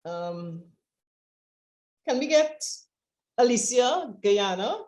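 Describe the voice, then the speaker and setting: A woman coaching speakers over a video call, giving brisk, encouraging directions. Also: on the high side, expressive, a little mellow, reverberant. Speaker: presentation coach. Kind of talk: online coaching session.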